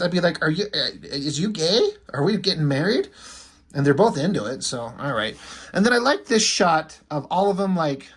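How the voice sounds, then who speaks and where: A man rambling casually through a comic book review, enthusiastic and profane. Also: a little high.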